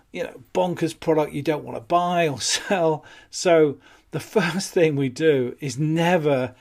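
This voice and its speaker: A man teaching phone appointment-setting in a calm, matter-of-fact way, with light chuckles. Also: a little high. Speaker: business skills trainer. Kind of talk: instructional talk on phone sales.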